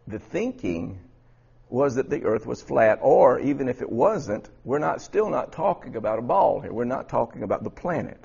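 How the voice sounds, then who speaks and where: A man with a husky voice teaching a Bible study class, often repeating words and quizzing his students. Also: mid-range voice, a little mellow, dull audio.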